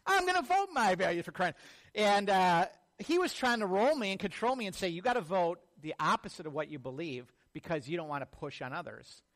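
A man with a high voice delivers a sermon from the pulpit. As a pastor, he tells lively personal stories. He acts out the people in them as he goes. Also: brisk, hardly any pauses. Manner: animated storytelling, acts out quotes.

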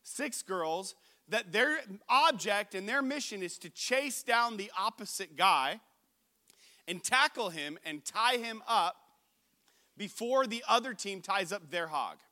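A man preaching a sermon as a pastor, telling a story in a lively way, acting out the quotes and joking with the audience. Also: sits high, slow pace. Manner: animated, acts out quotes, jokes with the audience.

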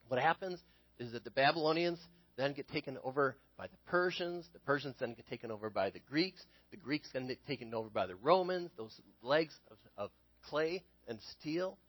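Young man, casual sermon, storytelling, chatty, checks in with listeners, slightly high voice, dry close sound. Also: a bit bright, no room sound, poor audio. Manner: conversational, checks in with listeners with "okay?". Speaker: preacher.

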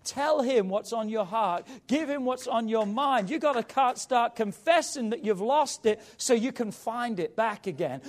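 A man preaching a sermon as pastor, with emphatic rises and quiet drops. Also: very high-pitched, animated, normal speed.

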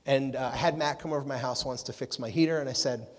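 A man preaching to a youth group, energetic and jokey, chatting with the crowd. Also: medium pitch, fast talker. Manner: energetic, jokey, talks with the audience. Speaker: youth pastor. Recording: long reverb of a hall.

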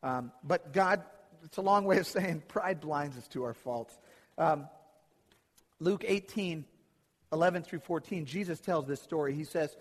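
Preacher, male, slightly high voice, tells scripture stories and voices the quotes; reverberant hall. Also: a little slow. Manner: retells Bible stories, acting out the quotes. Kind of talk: sermon.

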